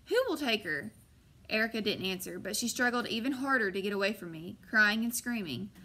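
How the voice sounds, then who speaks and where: Bright-voiced woman audiobook narrator. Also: medium pitch, fairly quick. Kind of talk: first-person audiobook narration.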